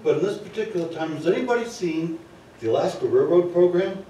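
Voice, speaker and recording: A man's voice: high-pitched, expressive, brisk, noisy background. A man telling a story live on a theater stage, chatting with the audience through asides. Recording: echoey theater from far off.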